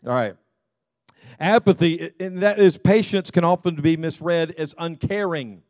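A man's voice: on the high side, unhurried, a little mellow, no echo, clean studio sound. A man from the American South, preaching a conversational sermon as a pastor, repeating key phrases and adding light humor for the congregation.

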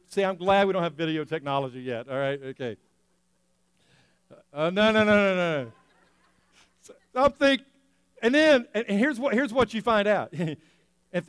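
A male pastor preaching a lively sermon, laughing often and acting out scenes for the congregation. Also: high-pitched, clear, resonant tone, no echo, clean studio sound. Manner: animated, laughing often, acting out an excited dog.

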